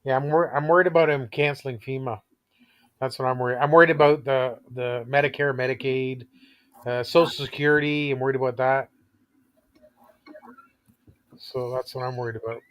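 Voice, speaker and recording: A man's voice: mid-range voice, fairly even intonation, normal speed, pauses often, dull audio. A man from Canada in a casual group chat, talking freely and laughing between thoughts. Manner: chatty, laughs often, restarts sentences. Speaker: chat participant.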